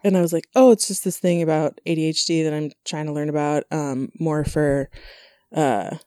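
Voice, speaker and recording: A woman's voice: sits low, steady tone, moderate pace, mellow, dry recording, studio quality. A woman hosting a casual conversation, chatty, with many fillers and asides.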